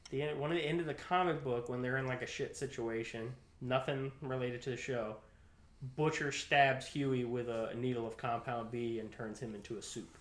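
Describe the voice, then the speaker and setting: A man co-hosting a podcast in casual chat, lively and acting out scenes with sound effects and quoted lines. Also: mid-range voice, moderate pace. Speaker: podcast co-host. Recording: roomy echo.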